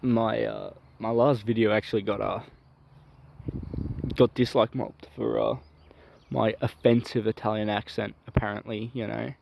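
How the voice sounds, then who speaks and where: A man voicing a male peanut butter podcast host who rambles in a halting, filler-heavy way in a comedy sketch. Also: on the low side, fairly even intonation, vocal fry, darkish tone, a little hiss or hum.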